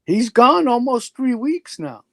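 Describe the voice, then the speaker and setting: A man joining a livestream chat as a guest, speaking in halting remarks with frequent swearing. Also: very high voice, big pitch swings, vocal fry, no echo. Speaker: stream guest. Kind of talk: casual chat.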